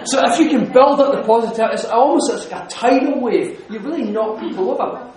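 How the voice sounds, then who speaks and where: A man telling a lively story to an audience, laughing often and restarting his sentences. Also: very high-pitched, fairly quick. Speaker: speaker giving a talk. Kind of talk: lively anecdotal talk to an audience. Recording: echoey hall.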